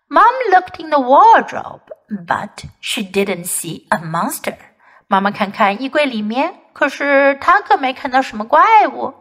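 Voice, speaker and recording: A woman, a native Mandarin speaker, teaching English by reading a children's story aloud in slow, expressive storytelling. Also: sits high. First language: Mandarin Chinese.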